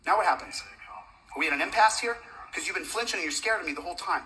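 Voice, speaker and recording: An agitated citizen journalist argues fast and demands answers, lecturing without letting up. The voice is sharp and bright and sits some way off the camera mic in an indoor public building, so it sounds distant. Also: mid-range voice, lively intonation. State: agitated, shaking. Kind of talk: heated confrontation. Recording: voice caught from a distance.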